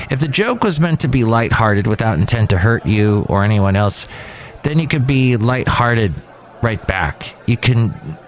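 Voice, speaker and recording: A man in his fifties hosting a podcast in a rambling, conversational manner, with frequent restarts. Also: medium pitch. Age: 50s. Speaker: podcast host. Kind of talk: casual chat. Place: cafe.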